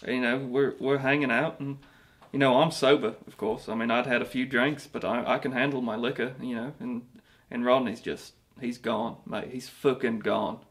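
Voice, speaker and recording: A man's voice: mid-range voice, fairly even intonation, normal speed, few pauses, fairly bright tone, natural voice. A man playing a vain, self-pitying, washed-up male rock singer with a British accent, rambling through a mockumentary interview with many restarts. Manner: rambling, boastful, stumbling restarts.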